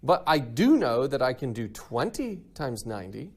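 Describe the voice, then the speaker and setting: A man's voice: mid-range voice, very animated, moderate pace. A man teaching a recorded math lesson in an upbeat way, often checking in with "right?".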